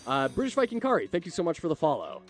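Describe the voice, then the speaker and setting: A man's voice: a little high, huge pitch swings, rapid-fire, faint music behind. A man in his thirties hosting a live game-development stream, upbeat and effusive, thanking viewers often and joking at his own expense. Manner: self-mocking jokes. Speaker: game developer and livestream host.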